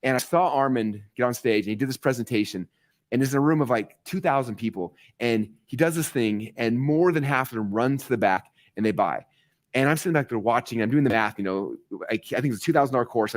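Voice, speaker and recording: A man in his forties runs a live online masterclass, speaking fast and excitedly straight to his viewers and acting out quick quotes. His pitch is medium, and the whole thing has the energy of live-stream teaching.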